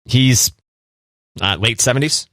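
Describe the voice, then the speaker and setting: A man co-hosting a podcast in casual chat, teasing with deadpan jokes. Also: medium pitch, slow, no echo, clean studio sound. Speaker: podcast co-host.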